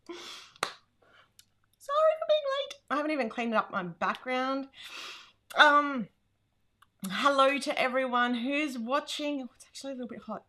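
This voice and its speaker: A woman's voice: high voice, sing-song, moderate pace, pauses often, sharp tone. An Australian woman hosting a casual livestream from home, chatty and laughing often as she greets viewers by name. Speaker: livestream host. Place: home room.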